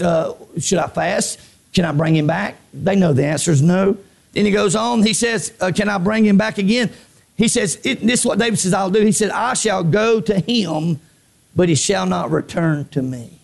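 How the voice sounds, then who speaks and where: A man preaching a sermon, who repeats his words, reads scripture slowly and climbs to high shouted peaks. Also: gravelly.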